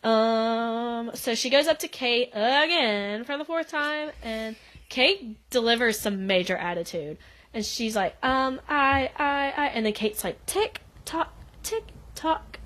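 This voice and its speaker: A young woman with a slightly high voice chats through a show recap as a podcast co-host. She laughs often and fills her sentences with "like.". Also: measured pace, a bit bright. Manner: chatty, laughing, frequent "like" fillers. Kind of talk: casual recap chat.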